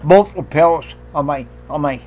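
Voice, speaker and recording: Loud, profane high-voiced radio host. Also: male voice, unhurried, lo-fi sound, a little hiss or hum. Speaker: radio talk show host. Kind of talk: heated talk radio rant.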